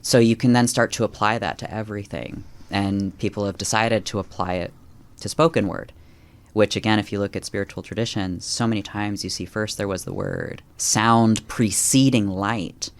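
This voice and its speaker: A man's voice: on the low side, normal speed, vocal fry. A man on a podcast as a guest, telling a personal spiritual story in a conversational way and acting out quoted lines with a lifted voice. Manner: animated, acts out quoted lines in a raised voice; many fillers and restarts.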